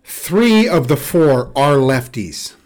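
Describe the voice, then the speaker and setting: A man's voice: medium pitch, expressive, slow. A man co-hosting a casual podcast from home, joking and laughing often, tripping over his words. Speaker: podcast co-host. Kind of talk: casual banter. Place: dining room at home.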